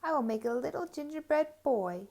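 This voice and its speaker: A woman's voice: sits high, expressive, fairly quick, creaky, mellow, voice pushed up. A woman voicing a kindly little old woman baking in a children's storybook, in a cheerful, sing-song way. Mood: pleased.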